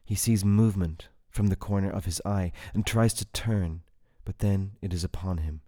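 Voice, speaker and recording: A man reading a fantasy story aloud in a measured, unhurried way. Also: sits low, warm tone. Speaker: narrator. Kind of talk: audiobook fiction reading.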